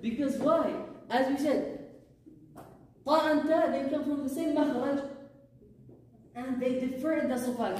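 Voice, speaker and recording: Woman teacher, higher voice, drills phrases aloud, checks on students, roomy echo, heard from a distance. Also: mellow, slight background noise. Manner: explains patiently, drills Arabic phrases aloud, asks "huh?" to check understanding. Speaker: Quran recitation teacher. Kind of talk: tajweed class explanation. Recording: very echoey room, voice picked up from afar.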